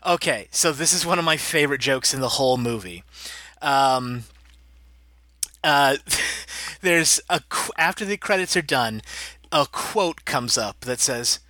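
Bright-voiced man chatting about movies. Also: mid-range voice, animated, a little slow, dry recording. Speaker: podcast co-host. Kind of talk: casual film discussion.

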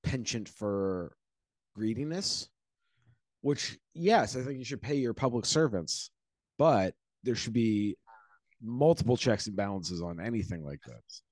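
A man in casual podcast chat, rambling and wry, often laughing and trailing off quietly. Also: fairly low pitch, animated, a little slow, dry recording.

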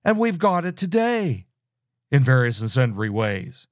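A man's voice: medium pitch, big pitch swings, a little slow, dry recording, clean studio sound. A middle-aged man teaching a sermon, earnest and scolding, often restarting his sentences. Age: middle-aged or older. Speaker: preacher.

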